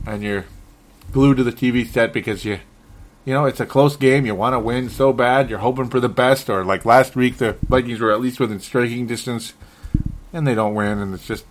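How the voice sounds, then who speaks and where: Frustrated low-voiced sports talk man. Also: a little hiss or hum. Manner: frustrated, rambling, stumbling over words; restarts and self-corrections. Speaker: sports podcast host. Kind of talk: solo sports talk commentary.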